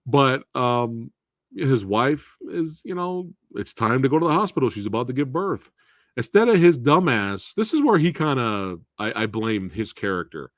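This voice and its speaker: A man hosting a casual live film review, animated, profane and laughing often. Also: medium pitch, normal speed, dry recording, clean studio sound. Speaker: movie reviewer and host.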